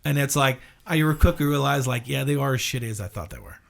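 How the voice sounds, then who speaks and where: A man's voice: mid-range voice, fast talker, gravelly. A man co-hosting a podcast, telling rambling, profane anecdotes in casual chat.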